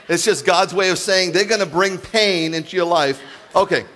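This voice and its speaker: Rabbi guy in his 50s preaching, kinda high voice, joking around and acting out the people in his story. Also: moderate pace. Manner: animated, jokey, acts out quoted dialogue. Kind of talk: humorous storytelling sermon.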